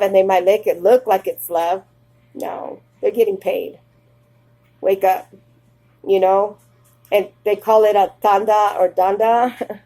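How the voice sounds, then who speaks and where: A woman's voice: medium pitch, mellow, breathy edge, poor audio. A woman reading Bible verses aloud in old-fashioned wording, stopping often to explain them in plain, chatty asides. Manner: reads archaic verses then breaks into plain personal asides. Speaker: Bible teacher. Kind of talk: scripture reading with commentary.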